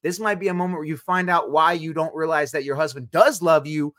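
A man's voice: a little high, fairly even intonation, brisk, a bit bright. A man co-hosting a podcast with his wife, talking earnestly and instructively in a casual chat about marriage and faith. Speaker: podcast co-host.

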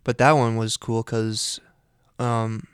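Male radio co-host, smooth clear voice, upbeat casual chatter, dry studio sound. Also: mid-range voice, little pitch movement, slow pace, no echo. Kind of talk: casual chat.

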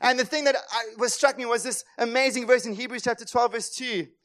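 High-voiced impassioned pastor. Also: male voice, steady tone, a little fast. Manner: impassioned, swings between loud emphatic lines and quiet asides; acts out voices of worried people. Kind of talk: sermon.

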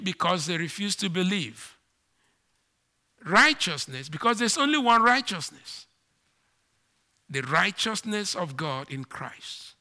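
A man preaching a sermon to his congregation, slow and emphatic, with dramatic swings in pitch and volume. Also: bright, forceful tone. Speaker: pastor.

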